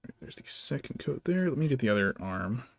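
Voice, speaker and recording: Mid-pitched man chatting casually, dry sound. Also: sing-song, fairly quick, creaky, no room sound. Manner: rambling, mutters to himself, baby-talks his cat. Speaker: vtuber painting miniatures. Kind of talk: casual chat while working.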